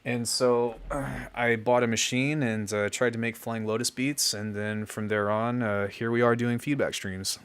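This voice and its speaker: A man's voice: medium pitch, steady tone, moderate pace, few pauses, a bit bright, smooth. A young man chatting casually on his livestream, giving friendly feedback on music with lots of fillers. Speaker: music producer streaming feedback.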